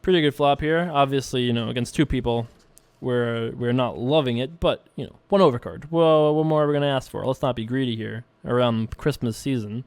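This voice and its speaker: A young man in casual commentary, talking through his poker hands and thinking out loud with playful asides. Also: mid-range voice, a little fast, clear, resonant tone, no echo. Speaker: poker streamer and show host. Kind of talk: casual commentary while playing online poker.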